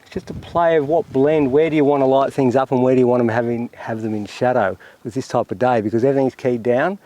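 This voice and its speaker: In a rough recording, a man from Australia speaks at a quick pace in a mid-range voice while painting out in windy open country. His talk is a relaxed, musing commentary on the painting, largely addressed to himself.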